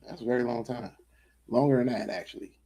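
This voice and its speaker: A man's voice: medium pitch, fast talker, gravelly, dark tone. A man co-hosting a podcast in casual banter, teasing his friend and swearing freely. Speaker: podcast co-host.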